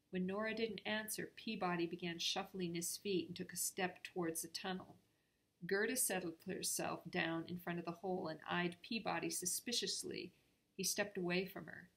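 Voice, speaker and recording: A woman reading a children's storybook aloud in a calm, measured way. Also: fairly low pitch, creaky.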